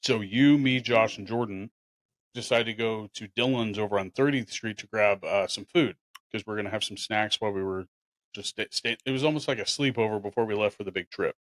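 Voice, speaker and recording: A man's voice: fairly low pitch, brisk, no echo. Guy on a podcast rambling thru old hometown stories, dry close sound. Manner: rambling, animated storyteller with restarts. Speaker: podcast host. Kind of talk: casual storytelling chat.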